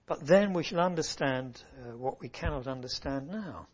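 Husky guy preaching earnestly, kinda muffled lo-fi recording. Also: mid-range voice, lively intonation, normal speed. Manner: earnest, rising and falling emphasis. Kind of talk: sermon.

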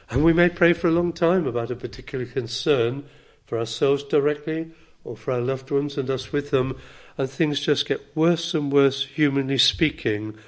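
Male preacher, mid-pitched voice, earnest and measured sermon delivery with gentle emphasis.

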